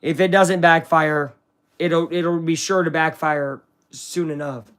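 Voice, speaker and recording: A man hosting a live stream, giving chatty play-by-play commentary and reacting excitedly to the action while talking to his viewers. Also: on the high side, slow, clear, resonant tone. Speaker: streamer hosting a live game watch-along.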